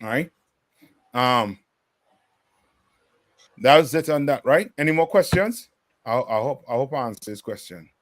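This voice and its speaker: A man's voice: mid-range voice, animated, measured pace, long pauses, dry recording, clean studio sound. Emphatic man preaching to a class. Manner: emphatic, many rhetorical questions. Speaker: class teacher.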